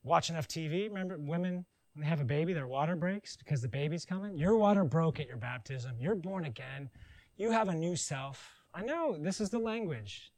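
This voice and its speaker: High-voiced man preaching a casual sermon. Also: brisk, dry recording, poor audio. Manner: jokey, animated asides with silly put-on voices. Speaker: pastor.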